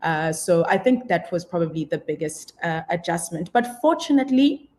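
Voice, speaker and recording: A woman's voice: lowish voice, expressive, normal speed, a little mellow, slight background noise. A woman speaking as a radio guest, thoughtful and hesitant with frequent ums. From South Africa. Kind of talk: reflective radio conversation.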